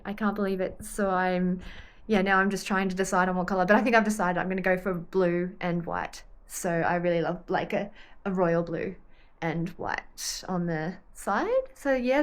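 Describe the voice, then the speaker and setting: A young Australian woman chatting to camera in a rambling, easily sidetracked way about her day. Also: mid-range voice. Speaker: vlogger and triathlete. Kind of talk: casual chat to camera.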